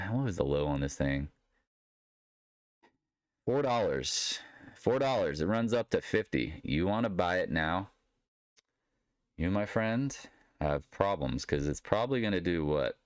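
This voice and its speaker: A man's voice: sits low, lively intonation, a little slow, pauses often, no room sound. A man giving a rambling solo market recap in a blunt, sarcastic manner. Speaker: market commentator.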